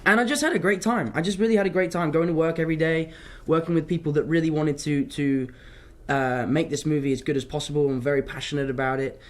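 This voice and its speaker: Chatty young man, slightly high voice. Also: steady tone, fast. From London, England. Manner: rambling, chatty storytelling, drifts off topic. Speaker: actor answering fan questions. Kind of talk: casual livestream Q&A.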